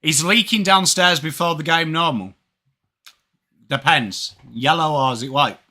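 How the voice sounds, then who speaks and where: A man's voice: fairly high pitch, unhurried, sharp tone. A man in his thirties from England with an English accent, chatting with viewers during a live sports watch-along. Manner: chatty, greets chat viewers by name. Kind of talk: live stream chat.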